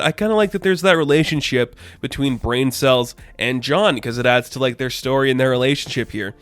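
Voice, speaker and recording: A man's voice: mid-range voice, a little fast, hardly any pauses, fairly bright tone, dry recording. A man giving a casual comic book review, chatty and full of fillers, loosely paraphrasing what the characters say.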